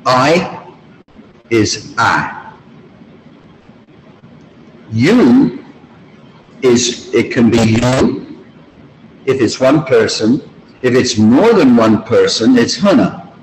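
A man teaching a language lesson, explaining grammar slowly and repeating example phrases. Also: mid-range voice, animated, slight background noise. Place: school room or video call. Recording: roomy hall with faint ambience.

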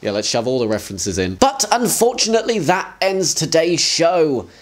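A man's voice: on the high side, big pitch swings, normal speed. A man hosting a fan community show, chatting casually and enthusiastically with jokey asides. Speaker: host.

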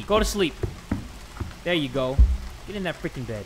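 A young man giving jumpy, joking commentary while playing a horror game at home, with loud outbursts. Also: high voice, very animated, moderate pace, pauses often, background noise. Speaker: gaming YouTuber.

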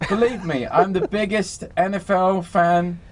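An English man, a magician and comedian, trading jokes in a grumpy, deadpan way during a TV interview. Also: high voice, unhurried, slight background noise. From England. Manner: dry, deadpan, grumpy humor. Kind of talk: comic TV interview via video link.

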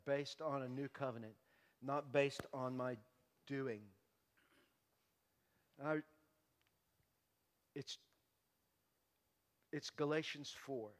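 A male pastor giving his testimony as a sermon, passionate, moving from hushed to loud preaching. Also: medium pitch, slow, pauses often, long reverb tail.

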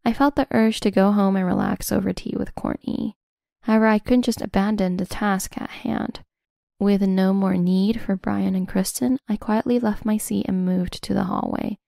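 A woman in scripted first-person narration of a revenge story, smug and measured. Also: mid-range voice, steady tone, gravelly, dark tone, dry recording, clean studio sound.

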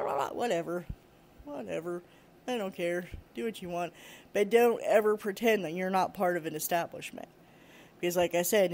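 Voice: medium pitch, darkish tone. A show host giving a casual opinion rant, laughing often and using many fillers, with short mocking put-on voices.

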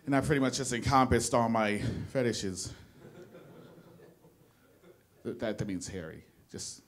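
A young New Jersey man performs stand-up for a live audience in a small studio, rambling and self-deprecating, often stopping and restarting sentences. His voice is mid-range at a moderate pace.

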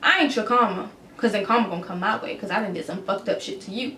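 A young adult woman vlogger recounting a story in a casual, animated, swearing, incredulous way. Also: mid-range voice, fast, a little hiss or hum. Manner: animated, profane, incredulous retelling. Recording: roomy echo with faint ambience.

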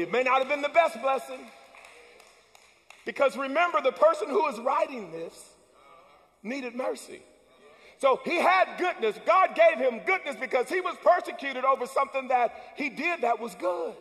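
A man preaching a sermon as pastor, with call-and-response lines that build up to shouts. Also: very high-pitched, animated, moderate pace. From United States. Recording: long church hall reverb.

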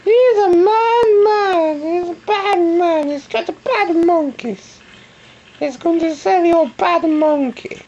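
A man voicing a pushy old grandma trying to sell a monkey, in a screechy, high voice. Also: takes it slowly, darkish tone, full character voice. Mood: shrill. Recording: dull lo-fi home recording.

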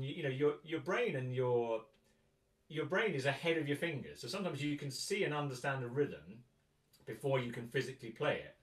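A man from England teaching a guitar workshop, thinking aloud in a relaxed way and singing rhythms to count them out. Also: mid-range voice. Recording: roomy, distant mic with loud guitar.

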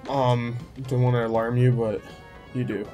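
A man's voice: medium pitch, little pitch movement, moderate pace, mellow, highs cut off. A young man giving casual, sarcastic let's play commentary with joking banter. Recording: faint game music behind.

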